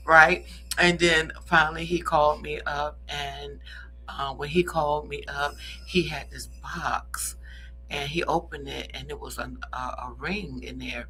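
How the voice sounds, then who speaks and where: A woman co-hosting a radio talk show, telling stories with lively, animated delivery. Her voice is bright and forward, with faint music in the background. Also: low voice, a little slow, rough recording. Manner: animated storyteller, addresses listeners as "y'all". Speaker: co-host. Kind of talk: casual radio chat. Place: radio studio.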